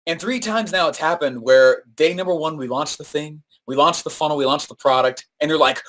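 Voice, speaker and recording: A man with a somewhat high voice teaching a live-streamed marketing lesson. He tells stories in an animated way and acts out what others said to him. He peppers his talk with fillers and "right?" tags. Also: normal speed, few pauses. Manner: frequent fillers and "right?" tag questions. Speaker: marketing coach.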